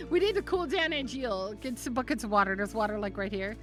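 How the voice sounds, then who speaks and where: A woman's voice: on the high side, lively intonation, a little fast, hardly any pauses, bright, forceful tone, soft background music. A woman streaming a game live, chatting playfully with her viewers, giggling and stumbling over her words as she talks to them by name.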